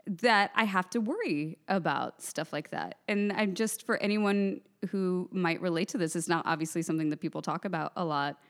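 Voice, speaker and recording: Giggly candid woman cohosting a podcast, a bit low voice, just chatting. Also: moderate pace, few pauses. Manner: playful, giggly, talks openly and candidly. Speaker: podcast co-host. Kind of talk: casual chat.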